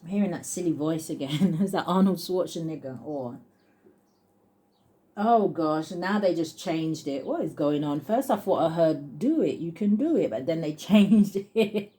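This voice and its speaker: A woman with a slightly low, mellow voice talks through a tarot spread. She muses aloud, chuckles often and reads card texts slowly. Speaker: tarot reader. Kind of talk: casual tarot reading, thinking aloud.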